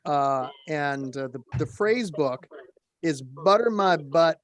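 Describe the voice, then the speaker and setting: A man's voice: fairly high pitch, expressive, slow pace, slight background noise. A man from the northern United States hosting a casual podcast, wryly reading out country sayings and bantering with co-hosts. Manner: wry, reads sayings from a phrase book. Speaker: podcast host.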